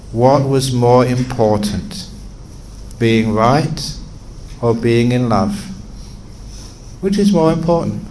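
Middle-aged man, teacher giving a talk, expressive storyteller, faint room noise. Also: medium pitch. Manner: warm-humoured, expressive storyteller. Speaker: meditation teacher giving regular talks. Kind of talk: storytelling talk to a live audience.

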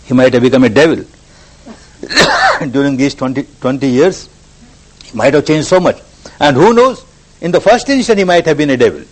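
In a spiritual discourse, a meditation teacher tells an example story, repeating phrases for emphasis. His voice is a little high with big pitch swings, at normal speed with long pauses, on a low-quality recording.

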